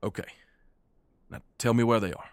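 A man voicing a calm, steady male leader who reassures and steadies others. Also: medium pitch, normal speed, smooth, no echo, natural voice. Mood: soothing.

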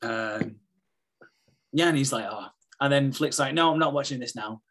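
A man, co-hosting a casual podcast and retelling soap storylines with swearing and quick impressions of the characters. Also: mid-range voice, a bit bright. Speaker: podcast co-host recapping a soap. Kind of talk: casual chat.

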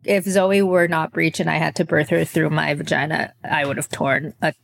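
Low-voiced chatty woman podcast host. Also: flat delivery, normal speed, vocal fry, dry recording. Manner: chatty and opinionated. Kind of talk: casual chat.

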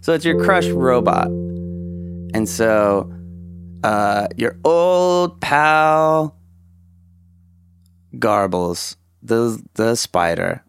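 A man improvising a comedic story in a rambling, halting way, with many fillers and frequent throat clearing. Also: fairly low pitch. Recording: loud guitar music behind. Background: guitar music.

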